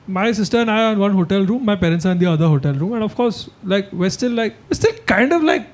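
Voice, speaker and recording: A young adult man with an Indian English accent, telling an animated story in a casual comedy chat and laughing as he talks. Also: high-pitched, fast talker. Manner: laughs through the story, acts out quoted voices loudly. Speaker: comedian guest.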